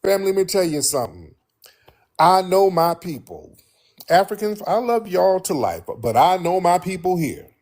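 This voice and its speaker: A man's voice: high voice, very animated, moderate pace, a little mellow. A man from the United States hosting casual commentary to his viewers, emphatic and repetitive, calling them family. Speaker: host.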